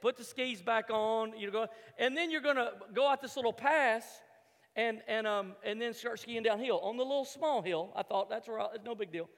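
A man with an extremely high-pitched voice tells a funny personal story to an audience at normal speed, his sound filling a big room. He's animated, stumbles over repeated words and acts out his own thoughts.

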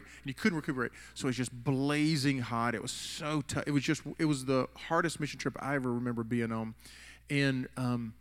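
Recorded with long hall reverb, a U.S. pastor in a church tells a story during a loose, meandering sermon, often starting his sentences over. He has a mid-range voice with a slightly bright quality.

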